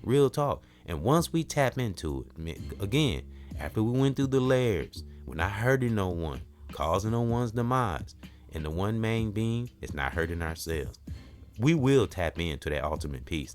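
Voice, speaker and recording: Male podcast host, very deep voice, loose reflective spiritual chat, faint music underneath. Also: lively intonation, moderate pace. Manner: rambling, reflective, full of "you know". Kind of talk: casual spiritual talk.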